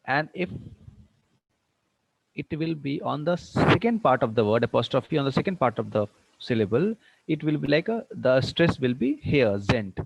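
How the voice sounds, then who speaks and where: A man teaching English with an Indian accent in an online lecture, explaining slowly and repeating words. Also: medium pitch, sing-song, vocal fry, dry recording. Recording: dull muffled online-class audio.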